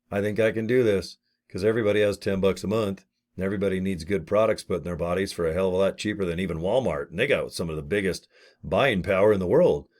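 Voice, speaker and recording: This deep, slightly mellow voice belongs to a network marketing affiliate in his late fifties. He's giving a casual sales pitch to camera about a business opportunity, folksy and blunt, swearing mildly and wandering into asides.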